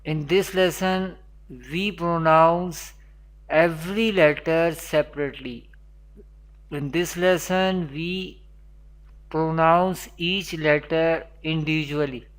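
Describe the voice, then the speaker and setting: Slow, even-voiced teacher. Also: male voice, a little high. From Pakistan. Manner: measured, repeats each letter several times. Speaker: Quran teacher. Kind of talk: online recitation lesson.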